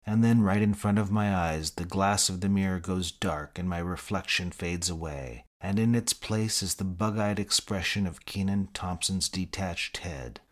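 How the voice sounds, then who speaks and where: A man narrating a comic novel in the first person with a deadpan, wry delivery. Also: deep voice, moderate pace, few pauses. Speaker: audiobook narrator.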